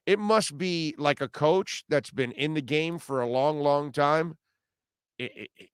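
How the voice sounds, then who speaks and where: A middle-aged man rants through a talk radio monologue in a blunt, slangy way. His voice sits high and sounds bright and clean. The sound is dry and close, as from a studio microphone. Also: clean tone, no echo. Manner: blunt, ranting, casual slang. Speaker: radio show host.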